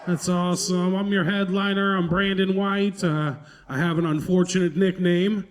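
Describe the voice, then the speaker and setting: A man headlining a comedy club set talks to the room in a loose, conversational way. His voice sits a little high, and he swears casually while mocking himself on a handheld stage mic. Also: flat delivery, moderate pace, hardly any pauses. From Pacific Northwest, US. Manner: loose, profane, conversational, self-deprecating.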